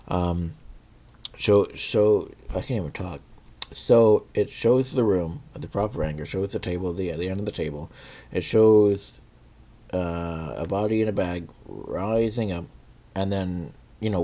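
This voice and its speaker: A man giving a casual, rambling spoken review, with many fillers, restarts and pauses while he searches for words. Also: low-pitched, dark tone. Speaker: video reviewer.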